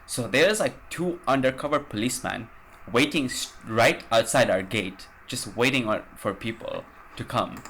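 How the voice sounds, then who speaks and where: A man's voice: mid-range voice, normal speed, a bit bright, a little hiss or hum. A man hosting a podcast, telling a travel story in a rambling, casual way, swearing and using lots of fillers. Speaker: podcast host.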